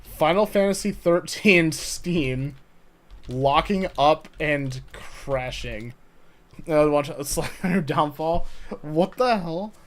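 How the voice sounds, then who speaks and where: A young man chatting live on a game stream, excitable and swearing, laughing often and talking to his chat. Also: fairly high pitch, slow pace.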